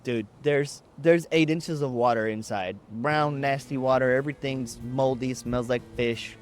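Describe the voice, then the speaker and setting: A man's voice: medium pitch, measured pace, hardly any pauses, faint music behind. A man from Texas telling a story casually, with wry, profane, laid-back humor.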